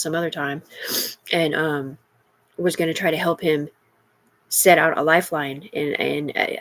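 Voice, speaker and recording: A middle-aged woman in an agitated, rambling livestream monologue, heavy with profanity. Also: low-pitched.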